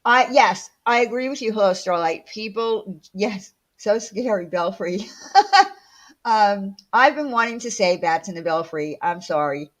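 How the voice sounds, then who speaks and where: A woman's voice: mid-range voice, normal speed, hardly any pauses. A woman hosting a casual livestream, chatting with viewers and answering their comments in a blunt, chatty way full of fillers and the odd swear word. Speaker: livestream host.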